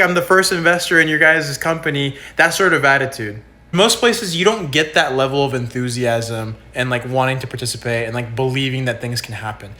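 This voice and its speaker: A man's voice: medium pitch, bright, forceful tone. A man talking casually to camera, emphatic and enthusiastic, swearing freely.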